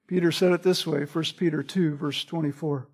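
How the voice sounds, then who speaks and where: A man's voice: a little high, steady tone, moderate pace, darkish tone, breathy edge. A man preaching a sermon. He quotes scripture by chapter and verse and stresses key phrases by repeating them.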